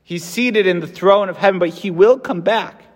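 A man's voice: high voice, normal speed. An American man, a Catholic priest, giving a conversational homily with fillers and restarts. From United States. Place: church. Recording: long reverb from a church.

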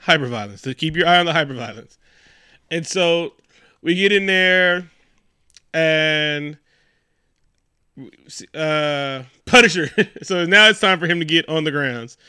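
Bright, laughing man riffing on a movie. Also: a little high, measured pace, long pauses, smooth, dry recording, clean studio sound. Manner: rambling, laughing, profane, acts out characters. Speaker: podcast co-host. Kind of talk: casual movie review chat.

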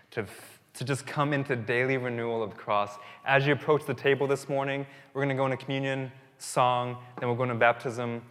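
A man's voice: medium pitch, fairly bright tone. A pastor in his thirties giving a conversational sermon, telling a story with restarts before leading communion and prayer. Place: church sanctuary. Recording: long hall reverb.

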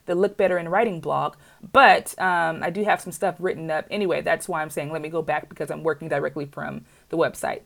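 A woman's voice: medium pitch, gravelly. Chatty woman teaching grammar. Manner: chatty, playful asides, frequent checks with the viewer. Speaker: writing teacher. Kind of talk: casual grammar lesson.

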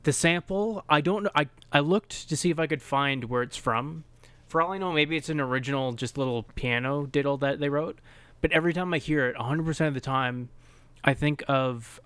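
Podcast co-host, male, smooth clear voice, dry close sound, jokey casual delivery. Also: mid-range voice, fairly bright tone, no room sound. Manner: joking, chuckles at his own bits. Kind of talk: casual chat.

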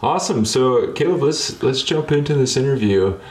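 A man who is a pastor, hosting a podcast interview in a friendly, relaxed way with some halting restarts. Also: mid-range voice, echoey room. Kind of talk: casual interview.

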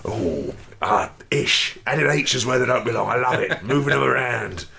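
A man's voice: medium pitch, fairly quick, gravelly, bright, forceful tone. A man hosting a comedy show, leading crude improv games with playful, bawdy banter. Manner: crude, playful, putting on mock Cockney lines. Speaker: podcast host.

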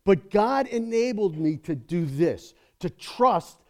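A man's voice: high-pitched, big pitch swings, slow, hardly any pauses. A middle-aged man preaching a sermon as a guest speaker, talking casually and then building to emphatic peaks, checking in with "okay?" and "right?".

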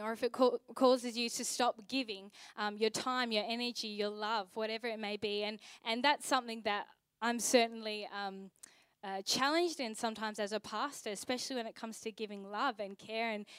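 A woman's voice: on the high side, smooth, no echo. A young adult woman pastor, preaching a sermon in a conversational, chatty way with asides.

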